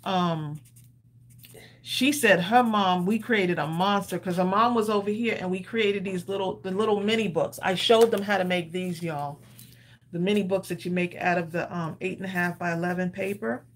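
A woman's voice: lowish voice, moderate pace, slight background noise. A woman co-hosting a live crafting stream, chatting casually with viewers and laughing often. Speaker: crafting show co-host.

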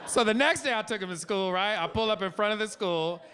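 A man doing a stand-up routine on a comedy club stage, telling a story with lively acted quotes. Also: high voice, fairly quick.

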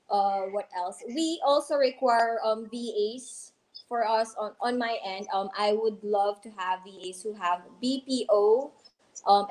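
Team manager lady on a podcast, mid pitch, lots of ums, walks through steps slowly. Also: darkish tone, low-quality recording. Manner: hesitant, many fillers, explains step by step. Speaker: virtual assistant manager. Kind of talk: casual podcast interview.

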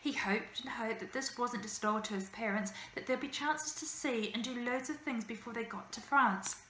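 A woman teacher reading a children's novel aloud with lively, expressive storytelling. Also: on the high side, moderate pace, slight background noise. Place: school room. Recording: echoey room, faint ambience.

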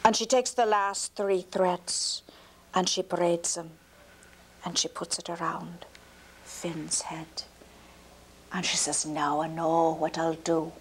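Woman storyteller, lively swooping pitch, whispers for suspense, folk tale for a child.

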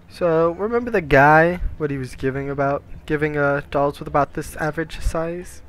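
A man's voice: a little high, normal speed, few pauses, a bit bright. A man casually commentating as he plays a puzzle game, reading its text aloud in silly voices and joking between moves. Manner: reads the game's lines aloud in put-on voices, jokey asides. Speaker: let's play gamer.

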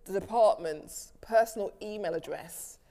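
Being interviewed, this London-accented woman, a TV director from London, recounts events in a lively, relaxed way, full of laughter and performed quotes. She speaks at a medium pitch and normal speed.

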